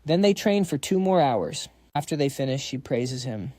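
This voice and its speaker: A man narrating a comic recap in a slangy, brisk storytelling manner. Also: medium pitch, expressive, warm tone, no room sound.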